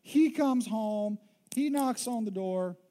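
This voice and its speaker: A preacher giving a sermon in a joking, conversational, animated way. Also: medium pitch, slow pace.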